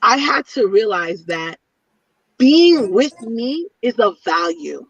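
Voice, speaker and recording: A woman's voice: fairly high pitch, sing-song, takes it slowly, gravelly, breathy edge, no room sound. Blunt, emphatic woman on a distant, muffled mic. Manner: blunt and emphatic, repeats her points. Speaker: panelist in a women's chat. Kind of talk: candid casual chat. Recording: distant, dull lo-fi audio.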